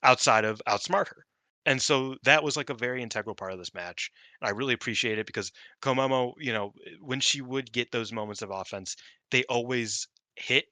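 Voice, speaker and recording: Bright-voiced man rambling casually. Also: medium pitch, fairly quick, no room sound. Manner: rambling, full of fillers and swearing. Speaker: podcast co-host. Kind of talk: casual chat.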